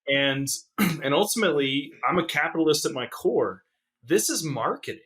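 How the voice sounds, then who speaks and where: Measured man co-hosting a podcast. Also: on the high side, expressive, fairly bright tone. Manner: measured, sets up questions for the guest. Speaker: podcast co-host. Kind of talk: casual podcast chat.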